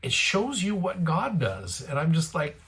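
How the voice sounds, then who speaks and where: A man's voice: a little high, wildly swooping pitch, measured pace, a bit bright. A man hosting a daily scripture show, telling a personal faith story earnestly and lifting his voice when he quotes people. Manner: earnest, retells dialogue with a lifted voice. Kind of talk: devotional storytelling.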